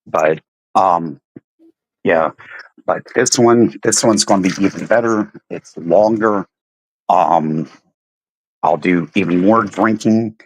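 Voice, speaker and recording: A man's voice: low voice, takes it slowly, pauses often, slight background noise, rough recording. A middle-aged man, a veteran, chatting casually on a stream and telling stories, laid-back and swearing, full of "you know" and "right". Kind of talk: casual chat.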